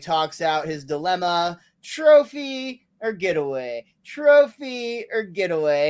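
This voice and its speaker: A man co-hosting a relaxed podcast, recapping a cartoon episode. His voice sits a little high, and he talks loosely with plenty of fillers and easy laughter. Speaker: podcast co-host. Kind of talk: casual chat recapping an episode.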